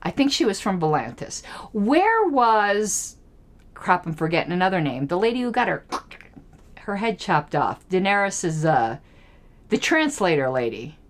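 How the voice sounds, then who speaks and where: Woman host, casual solo chat, rambling and self-talking, lively swooping pitch. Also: a little slow. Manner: rambling, laughs often, talks to herself while trying to recall names. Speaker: political commentary channel host. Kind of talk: casual solo TV episode discussion.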